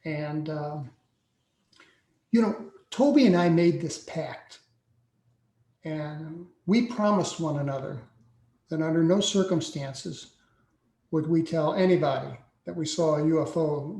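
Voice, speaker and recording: A man in his sixties, a podcast guest telling a personal story slowly and deliberately, with frequent pauses. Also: on the high side, darkish tone. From United States. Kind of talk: personal account in a podcast interview. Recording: echoey room sound.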